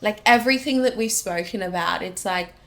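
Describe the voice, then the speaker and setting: A woman hosting a podcast conversation. She speaks reflectively, pausing and reaching for words. Her pitch sits mid-range for a woman. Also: a bit bright. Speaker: podcast host. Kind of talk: casual conversation.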